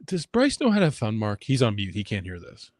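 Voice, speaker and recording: A man hosting a casual sports betting podcast, briskly running the draft order and teasing his co-hosts. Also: fairly low pitch, huge pitch swings, a little mellow, dry recording, clean studio sound. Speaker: podcast host.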